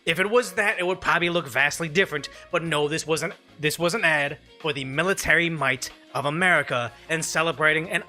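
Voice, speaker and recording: Male streamer, opinionated reaction commentary, a bit high and very forceful, restarts often. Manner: emphatic, rambling, restarts mid-sentence. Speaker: live stream host.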